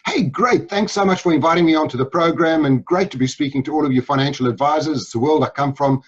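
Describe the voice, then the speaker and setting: A man's voice: a little high, quick pace, lo-fi sound. A man with a South African accent, telling stories with upbeat enthusiasm as a guest in an interview. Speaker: guest sales speaker.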